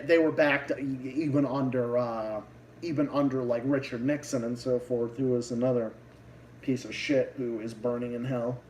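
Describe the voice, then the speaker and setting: A man's voice: mid-range voice, darkish tone, far from the mic, a little hiss or hum, poor audio. A man with a Boston accent hosting a livestream, delivering a heated, profane political rant full of restarts. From Massachusetts. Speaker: livestream host.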